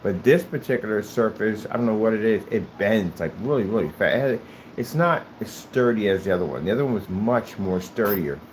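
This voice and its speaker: A man with a somewhat low voice chats loosely about his company's products, wandering off track and circling back with fillers. The recording carries a clear layer of background noise. It sounds like an informal vlog made indoors at his office. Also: lively intonation, fairly quick, darkish tone. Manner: rambling, with many fillers and restarts. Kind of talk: casual vlog talk. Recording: noisy room recording.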